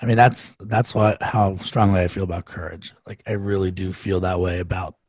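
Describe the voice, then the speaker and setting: A man's voice: sits low, steady tone, normal speed, a little mellow, no echo. A man hosting a podcast, reflecting and asking questions in an earnest, conversational way. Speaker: podcast host. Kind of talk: conversational interview.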